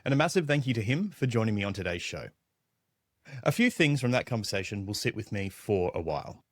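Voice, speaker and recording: A man's voice: on the low side, sing-song, a little fast. Upbeat man hosting an interview. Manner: laughs often, upbeat. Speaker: podcast host.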